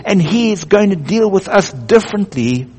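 Male pastor, sermon, husky voice, fairly high pitch, earnest and repetitive, long hall echo. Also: animated, moderate pace, darkish tone. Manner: earnest, building emphasis with repetition. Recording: echoey hall.

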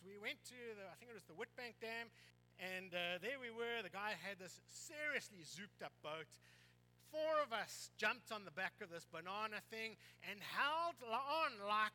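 A South African pastor giving an animated sermon, telling a story with lively energy. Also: male voice, sits high, in a large hall.

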